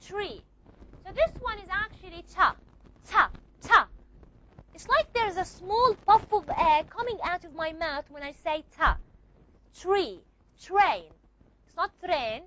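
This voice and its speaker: A woman's voice: very high-pitched, lively intonation, moderate pace, few pauses, sharp tone, muffled recording, a little hiss or hum. A woman teaching a classroom lecture, repeating and modeling sounds and checking often that students follow.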